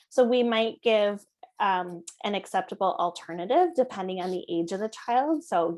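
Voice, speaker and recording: Calm conversational woman explaining to parents. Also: medium pitch, moderate pace. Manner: calm, conversational, often checks in with "right?". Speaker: parenting educator.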